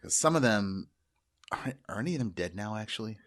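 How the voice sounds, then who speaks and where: A man co-hosting a podcast, talking about movies in a casual, opinionated and animated way. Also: fairly low pitch, a little fast. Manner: animated, opinionated, mock impressions. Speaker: podcast co-host.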